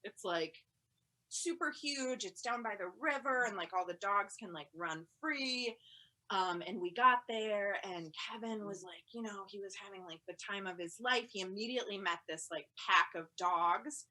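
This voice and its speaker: A woman doing stand-up from home over a video call, rambling and chatty with lots of "like", breaking into loud yelled quotes. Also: medium pitch, moderate pace. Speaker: stand-up comedian.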